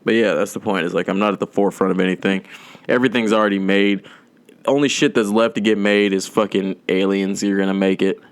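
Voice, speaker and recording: A young man hosting a podcast, talking in a loose, rambling way, swearing a lot and making dark jokes. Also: fairly low pitch, fairly even intonation, fairly quick, clear, resonant tone, no room sound. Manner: rambling, profane, darkly joking, drawn out. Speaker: podcast host. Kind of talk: casual rambling monologue.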